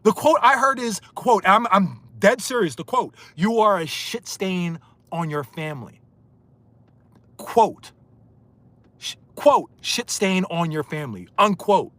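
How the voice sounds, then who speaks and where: A man's voice: high-pitched, no echo. Angry man ranting on a livestream. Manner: angry, insulting, swings between loud and muttered. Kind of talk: heated livestream rant.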